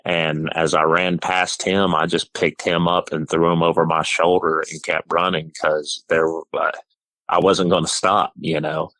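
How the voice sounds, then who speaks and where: A middle-aged man calling in to tell a personal story, halting and full of "you know" and "uh". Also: sits low, little pitch movement, pushed and bright, dry recording, poor audio. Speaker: caller.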